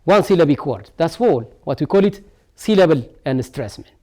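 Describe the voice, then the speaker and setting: A man's voice: fairly high pitch, expressive, normal speed, mellow. Man teaching word stress. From Ethiopia. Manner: asks rhetorical "what?" questions and repeats each word many times. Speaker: English teacher. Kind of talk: televised classroom lesson.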